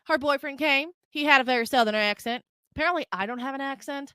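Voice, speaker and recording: A woman's voice: sits high, fast talker, pushed and bright, no echo. A young woman hosting her own podcast, rambling casually in a brash, profane, unfiltered way. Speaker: podcast host. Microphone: desk mic on a video stream.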